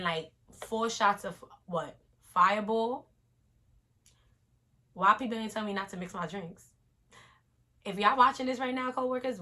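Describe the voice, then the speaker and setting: A young woman, telling an animated casual storytime vlog straight to her viewers. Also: medium pitch.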